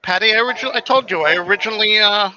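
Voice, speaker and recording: Casting: joking New York man with a Bronx accent, high bright voice, dry muffled video-call sound. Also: racing. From Yonkers, New York. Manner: joking, teasing. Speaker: stream guest. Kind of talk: casual livestream chat.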